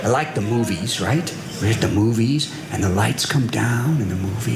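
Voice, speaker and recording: Animated male stand-up comic, echoey room. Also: fairly low pitch, moderate pace, vocal fry. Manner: animated storytelling with quoted voices. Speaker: stand-up comedian. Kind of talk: stand-up comedy routine. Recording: echoey live venue with loud background noise.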